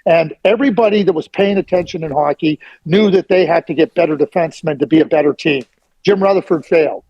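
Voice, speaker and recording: A man's voice: a little high, fast, no echo, lo-fi sound. A middle-aged man giving blunt, emphatic hockey opinions as a guest on a sports radio interview.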